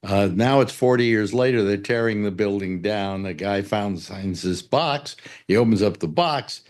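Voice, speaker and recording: A man's voice: lowish voice, moderate pace, a little mellow. A man hosting a talk show, telling jokes and rambling stories in casual chat. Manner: rambling storyteller, breaks into sung and acted voices. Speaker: radio talk show host.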